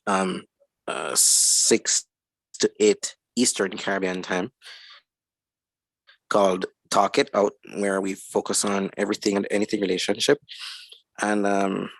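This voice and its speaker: A low-voiced man in his twenties with a gravelly edge, talking slowly. He rambles through his story as a podcast guest, in a dry, close sound. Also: little pitch movement, no room sound. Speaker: guest musician and producer. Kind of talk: casual podcast interview.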